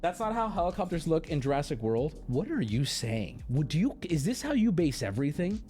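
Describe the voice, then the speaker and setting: A man's voice: on the high side, fairly quick, soft background music. A young man hosting a livestream, rambling through stories in a casual, profane way. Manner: rambling, profane, animated storytelling. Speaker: streamer host.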